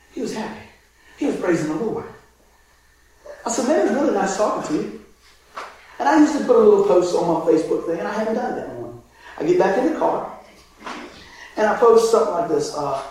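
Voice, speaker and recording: Male pastor, sermon storyteller, animated with shouts; very high voice, big echo. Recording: very echoey hall, distant mic, faint noise.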